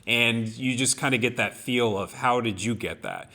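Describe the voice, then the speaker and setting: A man's voice: mid-range voice, normal speed, bright, forceful tone. A young man co-hosting a podcast, telling personal stories in an earnest, reflective way. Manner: earnest, reflective storytelling with many restarts. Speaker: podcast co-host. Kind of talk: casual discussion of song lyrics.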